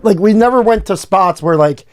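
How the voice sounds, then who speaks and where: A laid-back man, chatting casually as a podcast co-host. His voice sits slightly high, and he swears freely while tossing in short agreeing remarks. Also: moderate pace, darkish tone, clean tone. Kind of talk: casual chat.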